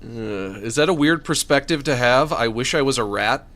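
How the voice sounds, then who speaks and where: A man's voice: mid-range voice, moderate pace, a bit bright. A man streaming a game, rambling and joking, with panicky yelps when chased. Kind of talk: let's play commentary.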